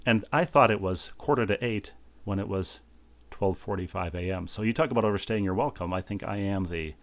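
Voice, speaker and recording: A man's voice: fairly low pitch, brisk. A man in his forties co-hosting a podcast, telling rambling, self-deprecating stories in casual chat. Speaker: podcast co-host.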